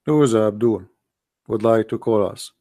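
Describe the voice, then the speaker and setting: His voice is fairly low and mellow, moving at a normal speed. He is a livestream host taking calls, mocking a religious debate with sarcastic commentary and rhetorical questions in non-native English.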